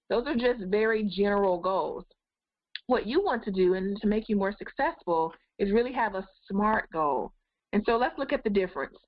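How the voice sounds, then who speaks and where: A woman's voice: mid-range voice, expressive, normal speed, dry recording, highs cut off. Encouraging woman coaching a webinar. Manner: encouraging, addresses viewers directly. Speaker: life coach hosting a webinar. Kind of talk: live goal-setting webinar talk.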